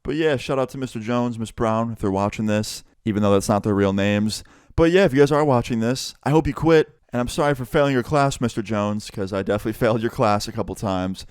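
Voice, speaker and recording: A young man telling a casual, profane storytime vlog in an animated way. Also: medium pitch, fairly quick, clear, resonant tone, dry recording, clean studio sound. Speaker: vlogger.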